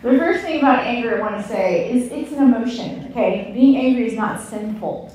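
A woman in her forties giving a candid, self-mocking teaching talk at a women's Bible study, telling stories with animated energy. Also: fairly high pitch, fairly quick. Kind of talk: sermon-style teaching talk. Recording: echoey room from far off, faint ambience.

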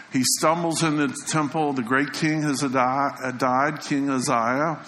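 Bright-voiced preacher in an echoing church. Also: male voice, mid-range voice. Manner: conversational preaching, quoting scripture, dropping softly for emphasis. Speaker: pastor. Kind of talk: sermon. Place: church sanctuary. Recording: echoing church hall with faint ambience.

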